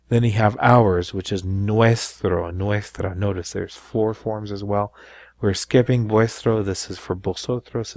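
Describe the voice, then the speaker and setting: A man with a low voice explains grammar in a recorded lesson. He walks through each point patiently, often pausing to ask "right?". The sound is close and dry. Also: darkish tone, no echo. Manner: explanatory, repeats with frequent "right?". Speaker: Spanish teacher.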